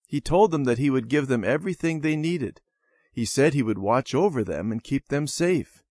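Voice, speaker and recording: A man voicing a kind old grandmother in a storybook, telling a bedtime story in a gentle, soothing way. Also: mid-range voice, expressive, moderate pace, no room sound, studio quality, voice pushed up.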